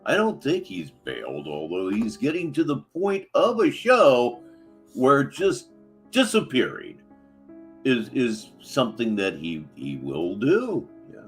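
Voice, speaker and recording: A man's voice: mid-range voice, huge pitch swings, takes it slowly, soft background music. A man hosting a live stream, commenting sarcastically on clips between chats with viewers. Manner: sarcastic, mocking asides. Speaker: livestream host.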